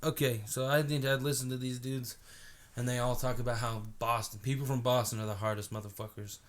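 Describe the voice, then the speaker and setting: A man's voice: medium pitch, little pitch movement, fairly quick. A man in his twenties from Oregon, co-hosting a crude comedy podcast with lots of laughing and swearing. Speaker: podcast co-host. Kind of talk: casual crude comedy chat.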